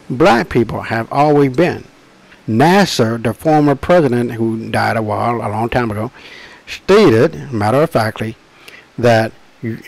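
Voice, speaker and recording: A man speaks straight to his listeners in a rambling, forceful monologue, swearing freely and drawing out key words slowly. His voice sits in an ordinary middle pitch. The sound is close and dry, with no room echo. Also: gravelly. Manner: emphatic and profane, with many restarts and asides. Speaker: author presenting his book. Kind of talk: rambling direct-to-camera monologue.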